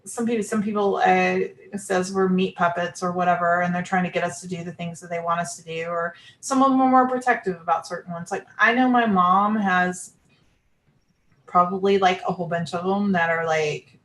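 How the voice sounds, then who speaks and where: A woman's voice: lowish voice, fairly even intonation, normal speed, fairly bright tone. Rambling woman in an echoey room. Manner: rambling, many fillers and restarts. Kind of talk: casual spiritual conversation.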